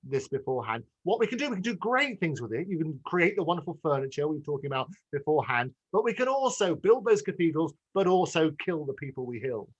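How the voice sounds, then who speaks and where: Male interviewer, upbeat and jokey, a touch high-pitched. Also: sing-song, fast talker, few pauses, husky, highs cut off. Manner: chatty, jokey interviewer who prompts the guest. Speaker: talk show host. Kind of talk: interview conversation.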